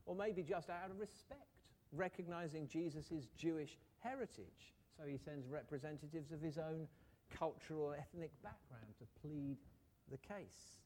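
A man's voice: a little high, moderate pace, a little mellow. A man preaching a sermon in a conversational way, asking rhetorical questions and briefly acting out the people in his story.

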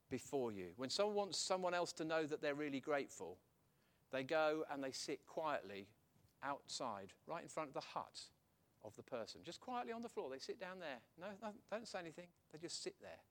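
A man delivers a sermon with lively, conversational energy. His voice sits a little high for a man, and he chuckles at his own points as he talks. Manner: animated, chatty, laughs at his own points. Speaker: preacher.

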